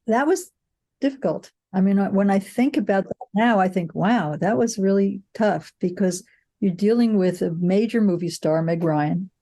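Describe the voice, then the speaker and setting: An older woman who is a film producer answers interview questions with reflective stories. Her voice is medium-pitched and mellow at a moderate pace, and she frequently says "you know" and restarts her sentences.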